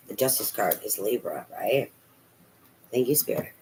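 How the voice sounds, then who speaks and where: A man's voice: fairly low pitch, animated, normal speed, a little mellow, a little hiss or hum, poor audio. A man giving a casual tarot reading, talking aloud to spirit and swearing now and then. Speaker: tarot reader.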